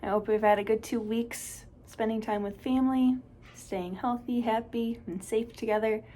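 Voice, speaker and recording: A woman teacher reading a children's story aloud in a warm, expressive way, recorded on a home webcam or phone. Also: a little high, normal speed, a little hiss or hum.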